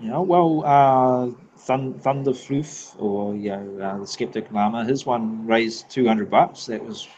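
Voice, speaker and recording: A man's voice: medium pitch, measured pace, few pauses, darkish tone, a little hiss or hum, poor audio. A man from New Zealand with a New Zealand accent, a podcast guest in casual chat who laughs often, swears freely and restarts his sentences.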